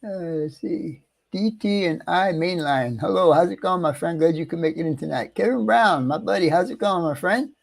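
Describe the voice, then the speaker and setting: A middle-aged American man hosting a casual livestream, chatty and easygoing, greeting viewers one by one and clearing his throat often. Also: fairly high pitch, normal speed. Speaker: livestream host.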